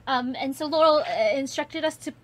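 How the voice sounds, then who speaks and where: A woman's voice: high-pitched, fairly quick. A woman playing in a tabletop game, talking in a hesitant, rambling way. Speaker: player. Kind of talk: tabletop role-play chat.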